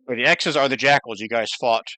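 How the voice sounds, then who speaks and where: Male game master, bright tone, dry close sound, relaxed rules talk. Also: mid-range voice, brisk, no echo. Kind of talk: running a tabletop game.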